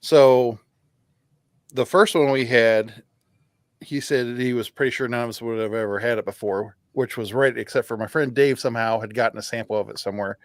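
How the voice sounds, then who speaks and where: Male co-host, relaxed chat, halting recall, dry close mic. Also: medium pitch, no echo. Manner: halting, restarts often while recalling details. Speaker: podcast co-host. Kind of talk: casual bourbon chat.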